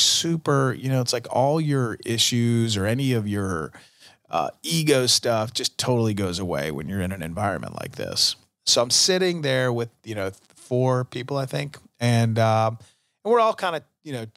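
A man's voice: mid-range voice, fairly bright tone, no echo, studio quality. A middle-aged man hosting a podcast, telling a personal story in a casual, earnest way with many fillers. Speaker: podcast host.

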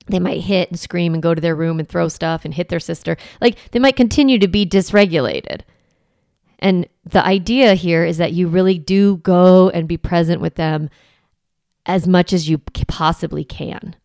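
A woman parenting coach hosting a podcast, talking earnestly and gently and explaining with everyday examples. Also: on the low side, normal speed, creaky, no echo, clean studio sound. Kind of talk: conversational advice podcast.

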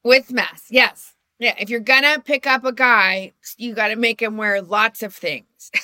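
A woman's voice: on the high side, steady tone, measured pace, sharp tone, no echo, studio quality. A middle-aged woman co-hosting a podcast, telling personal stories in a chatty, self-deprecating way with frequent restarts. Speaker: podcast co-host. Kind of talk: casual storytelling chat.

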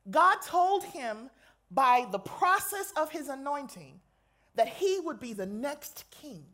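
A woman's voice: high-pitched, very animated, takes it slowly, a bit bright. A woman chaplain preaching a sermon to a live audience, conversational and playful with slangy asides. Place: lecture hall with an audience.

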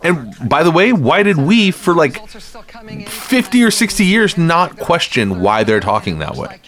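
A man's voice: a little high, sing-song, measured pace, a bit bright, faint music behind. A man hosting a podcast in casual chat, talking in a profane, rambling, sardonic way. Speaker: podcast host.

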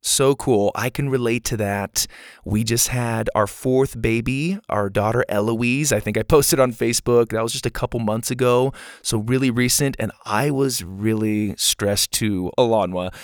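A man's voice: mid-range voice, normal speed, no echo, clean studio sound. A man in his thirties, a podcast host reading listener reviews in a casual, enthusiastic and earnest way to young listeners.

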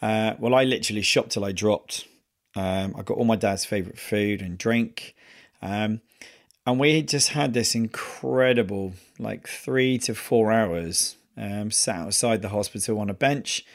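A man hosting a podcast, telling a personal story in an earnest, halting way with many pauses and restarts. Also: lowish voice, lively intonation. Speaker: podcast host.

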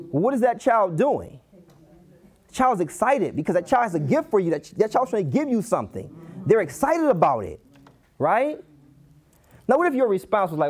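A man's voice: sits high, fairly quick. A man preaches with a Detroit accent, his voice swinging widely up and down as he drives home each point. He repeats key lines for emphasis and slips into playful voices when quoting people. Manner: animated, repeats key phrases, acts out quoted voices. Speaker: pastor. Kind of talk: sermon.

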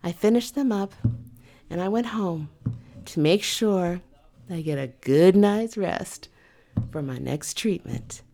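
Woman, massage therapist, casual storytelling, animated, slightly low voice. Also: slow pace, pauses often. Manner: animated, acts out both sides of the exchange.

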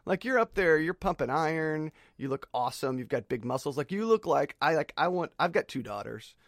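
A man's voice: on the high side, expressive, fairly quick, dry recording, clean studio sound. A man hosting a podcast, chatting casually with profane, teasing banter. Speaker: podcast host.

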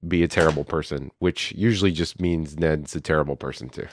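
Deep-voiced deadpan podcast co-host man. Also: brisk, slight background noise. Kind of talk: casual podcast chat.

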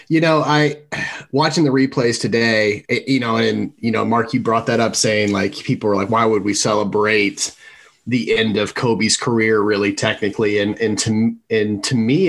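A man's voice: fairly low pitch, fairly bright tone. A man in casual sports chat, thoughtful, with short agreeing remarks.

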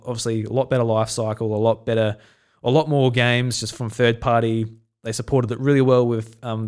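A man's voice: medium pitch, smooth. A young man from South Australia, hosting a casual podcast and telling stories in a rambling way, with many restarts. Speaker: podcast host.

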